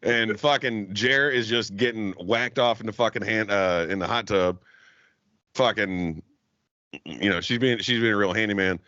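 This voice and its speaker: This podcast co-host is a young man who rambles through a long, laugh-filled story in casual chat, cursing nonstop. He speaks at normal speed in a lowish voice with a sharp tone. The audio is dull and lo-fi, without echo.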